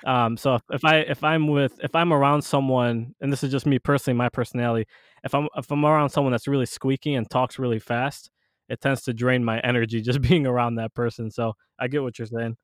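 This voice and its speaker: A man's voice: mid-range voice, steady tone, brisk, dry recording, clean studio sound. A man hosting a podcast in casual chat, rambling with many restarts and fillers. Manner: rambling, full of restarts and "you know". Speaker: podcast host.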